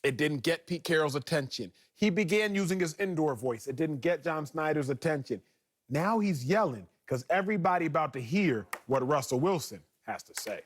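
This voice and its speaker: A young man with a fairly high voice co-hosting a sports debate. He builds his points through repetition and acted-out quotes. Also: lively intonation, moderate pace.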